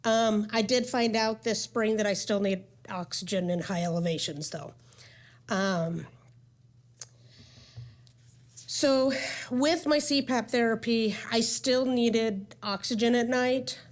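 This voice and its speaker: A woman's voice: fairly high pitch, takes it slowly, long pauses. Candid woman in her forties telling her story. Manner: candid and conversational, with many "um" and "like". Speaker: patient speaker at a medical conference. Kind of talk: personal story told in a conference talk. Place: conference session room.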